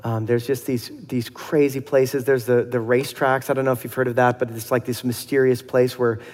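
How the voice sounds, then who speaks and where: A middle-aged man preaching a sermon in a relaxed, conversational way, acting out dialogue and laughing softly now and then. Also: mid-range voice, a little fast, long reverb tail. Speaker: pastor.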